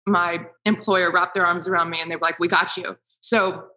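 Bright emotional woman talking openly in an interview, jokes at herself. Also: fairly low pitch, little pitch movement, normal speed, rough recording. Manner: emotional, self-deprecating, talks through tears. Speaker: guest, sports broadcaster. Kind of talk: candid interview conversation.

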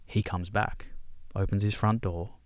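An Australian man co-hosting a podcast in casual chat, an animated storyteller who calls people mate. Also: lowish voice, measured pace, dry recording. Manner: animated storyteller, matey slang. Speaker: podcast co-host.

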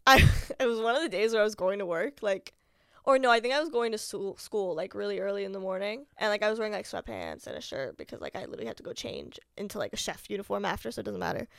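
A woman in her twenties, a podcast guest telling animated stories and filling nearly every phrase with "like". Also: mid-range voice, fast, gravelly, dry recording. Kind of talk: casual storytelling chat.

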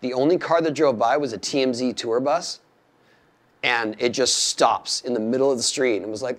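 A man in his fifties, a guest in casual chat, speaking in a soft, measured way with hesitant restarts. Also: mid-range voice.

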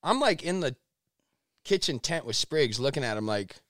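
A man's voice: mid-range voice, normal speed, dry recording, studio quality. A man telling a wild story as a podcast guest, swearing constantly and acting out what people said. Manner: animated, swears constantly, acts out quotes. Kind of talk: casual storytelling interview.

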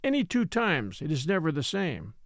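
A man voicing a patient old native man who tells his story slowly and solemnly in formal, old-fashioned speech. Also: fairly high pitch, huge pitch swings, vocal fry, dry recording, studio quality, full character voice.

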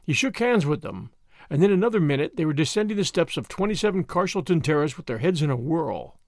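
A man reading a novel aloud as a narrator, expressive and animated, on a close mic. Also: fairly high pitch, quick pace, no echo. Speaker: audiobook narrator. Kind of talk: scripted narration.

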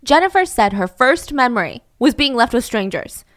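A woman's voice: on the high side, very animated, normal speed, fairly bright tone, no echo, studio quality. A young woman telling a true-crime story casually, with wry, sarcastic asides.

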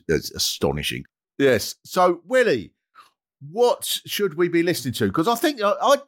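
Animated male comic podcast host. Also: lowish voice. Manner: animated, bursts into mimicry. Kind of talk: comic storytelling chat.

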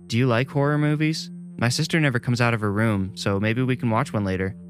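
A man's voice: mid-range voice, fairly even intonation, fairly quick, lightly acted. A man voicing a matter-of-fact, unfazed twelve-year-old boy. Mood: deadpan.

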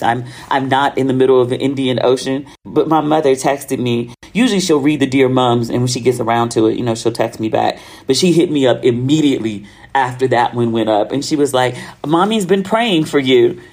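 An American woman hosting a podcast, telling travel stories in a chatty, animated way and acting out the voices of people she quotes. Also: rumbling low. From United States. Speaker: podcast host. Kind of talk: casual monologue.

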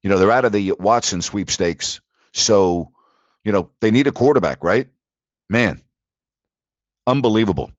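A man's voice: fairly low pitch, normal speed, long pauses, no echo, muffled recording. A man hosting a sports talk show, ranting in disbelief about the latest league news. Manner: animated, incredulous ranting. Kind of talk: sports talk radio monologue.

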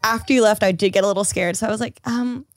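A woman in her twenties, co-hosting a casual chat and telling animated stories, acting out what others said. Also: mid-range voice, fast, heavy background noise. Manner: animated storyteller, acts out quotes. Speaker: podcast co-host.

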